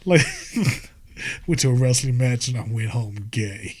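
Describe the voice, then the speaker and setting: Young American man, podcast guest. Relaxed, rambling, swears freely, mid-range voice. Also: medium pitch, measured pace. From United States. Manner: profane, laid-back, rambling. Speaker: podcast guest, skate filmer and wrestler. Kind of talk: casual podcast chat.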